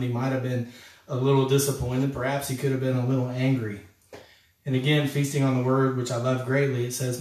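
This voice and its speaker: A man's voice: mid-range voice, a little mellow. Man, pastor preaching, conversational, very echoey room, mic set far off. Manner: conversational, earnest, addresses listeners as friends. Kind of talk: sermon.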